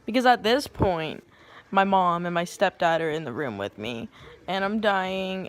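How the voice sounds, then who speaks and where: A woman's voice: mid-range voice, normal speed. A young woman telling a personal story to camera in a casual vlog, acting out what people said in shifting voices, with crude jokes and laughter. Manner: animated, acts out quotes in shifting voices; crude, joking asides and laughter. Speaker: vlogger.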